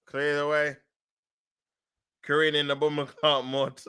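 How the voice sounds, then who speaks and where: A man giving excitable, emotional live commentary on a football match, groaning and shouting at the action in slangy talk. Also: a little high, unhurried, long pauses, clean tone. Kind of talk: excitable fan watch-along commentary.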